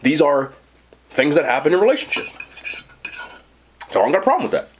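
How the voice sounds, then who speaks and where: A man hosting a mukbang tells a story casually, speaking straight to his live chat viewers in an animated way. His voice is a little high and a little fast, with background noise behind it.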